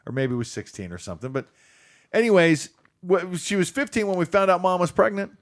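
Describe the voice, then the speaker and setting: A middle-aged man co-hosting a casual podcast chat. His voice sits a little high and swings widely in pitch. He laughs often and acts out the lines he quotes. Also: expressive, fairly quick. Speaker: podcast co-host.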